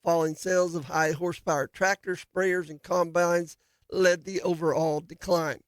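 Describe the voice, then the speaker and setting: A man's voice: a little high, no room sound. A man hosting a daily farm radio show, talking casually in a folksy, rambling way with many fillers and restarts. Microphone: studio microphone.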